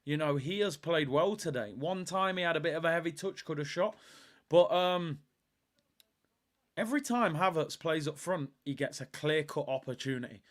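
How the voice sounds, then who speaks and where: A man's voice: a little high, normal speed, a bit bright. A man hosting a live football watch-along stream, talking emphatically in casual chat, repeating lines for effect and answering viewers' comments.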